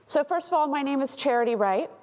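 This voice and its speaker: A woman from Texas giving a conference talk as a threat intelligence analyst, explaining in a clear way with light humor. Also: sits high, expressive, fast, darkish tone. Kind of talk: conference presentation. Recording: long hall reverb.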